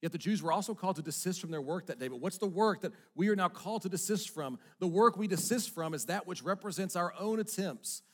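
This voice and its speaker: A man's voice: high-pitched, expressive, quick pace, hardly any pauses. Earnest man preaching a sermon. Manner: earnest, swings from hushed to emphatic. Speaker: pastor.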